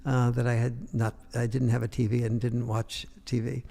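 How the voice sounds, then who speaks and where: Gravelly older man telling a story. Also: mid-range voice, level tone, normal speed, mellow, big-room sound. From United States. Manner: rambling anecdotal storytelling with many fillers. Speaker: guest author. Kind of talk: storytelling in an interview.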